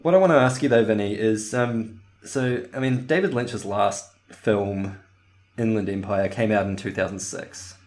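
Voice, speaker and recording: A man's voice: on the low side, normal speed, darkish tone. A young man co-hosting a podcast, chatting loosely, laughing often and trailing off mid-thought. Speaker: podcast co-host. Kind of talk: rambling casual chat.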